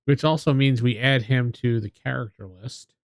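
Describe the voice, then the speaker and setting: A man's voice: medium pitch, moderate pace, dry recording, clean studio sound. A man playing a tabletop game with a friend, thinking aloud as he works out rulings. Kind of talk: casual tabletop game play.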